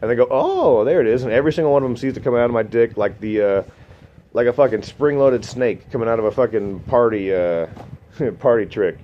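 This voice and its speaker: A man telling a long comic story in a deadpan, rambling way, swearing often. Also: fairly quick. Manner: deadpan, rambling, swears a lot, voices others in a raised pitch. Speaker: storytelling comedian. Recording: dull lo-fi recording with faint noise.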